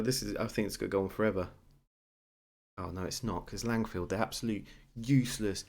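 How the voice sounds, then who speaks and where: A man commentating on his own football management game, swinging between quiet muttering and excited shouting. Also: sits low, fairly quick. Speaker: gaming YouTuber.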